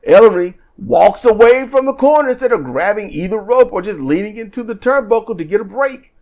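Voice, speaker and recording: Male podcast co-host, high voice, lively joking recap style. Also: a little fast. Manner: animated, acts out quotes in silly voices; joking, laughs often. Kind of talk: casual wrestling review chat.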